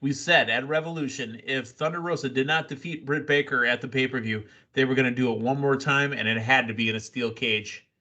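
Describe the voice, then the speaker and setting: A man hosting a casual wrestling recap podcast, excitable and quick with asides and laughs. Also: mid-range voice, dull audio. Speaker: podcast host.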